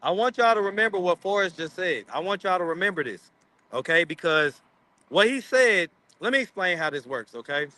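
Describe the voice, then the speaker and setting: Chatty man with a bright voice. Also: high voice, expressive, fairly quick. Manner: rambling, teasing, laughs often. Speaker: street interview channel host. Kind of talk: casual livestream chat.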